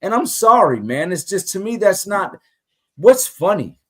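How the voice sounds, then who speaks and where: A man co-hosting a casual sports talk show, ranting heatedly about his team. His voice sits a little high for a man. He stumbles over restarts and repeats himself, driving each point home. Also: very animated, measured pace. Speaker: podcast co-host.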